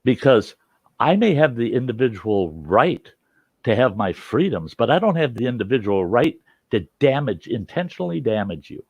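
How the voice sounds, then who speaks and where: A man's voice: mid-range voice, very animated, moderate pace, husky, no echo, dull audio. A man from the United States hosting a talk show, arguing insistently and repeating his points. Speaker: host. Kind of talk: heated casual debate.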